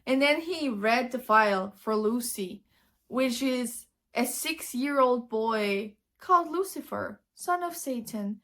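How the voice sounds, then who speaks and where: A woman book vlogger giving a casual, animated summary of a novel, full of fillers. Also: fairly high pitch, takes it slowly. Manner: chatty, animated, many fillers.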